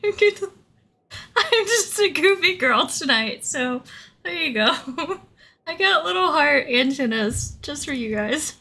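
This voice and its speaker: Giggly high-voiced young woman streamer. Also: bright, forceful tone. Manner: giggly, chatty, thanks viewers. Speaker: livestreamer. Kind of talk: casual live-stream chat.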